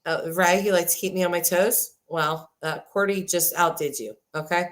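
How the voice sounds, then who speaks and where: A woman in her forties talks casually to her livestream audience through a desk microphone. Her voice sits somewhat low, and she rambles, pauses with fillers and swings between excited thanks and quieter, earnest stretches. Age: 40s. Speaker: livestream host. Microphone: desk microphone, sometimes glitchy.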